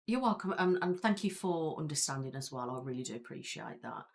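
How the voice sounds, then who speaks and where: Gravelly and extremely low in pitch, her voice moves briskly with lively intonation and a Belfast accent. This woman, an ASMR creator from Belfast, Northern Ireland, hosts a live stream where she chats casually with viewers, rambling and filling pauses with fillers.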